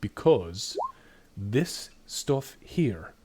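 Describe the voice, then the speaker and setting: Man doing a low-voiced dwarf, sly, drawling, fond of whiskey, tabletop game. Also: sing-song, extremely slow, darkish tone, slightly rough, exaggerated voice. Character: gruff old male dwarf, hard-drinking and sly.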